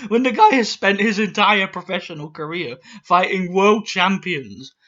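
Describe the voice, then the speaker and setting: A man's voice: high voice, lively intonation, measured pace, fairly bright tone. Swearing, ranting man on a lo-fi mic. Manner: swears often, stammers and repeats words. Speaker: boxing YouTuber. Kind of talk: casual ranting vlog.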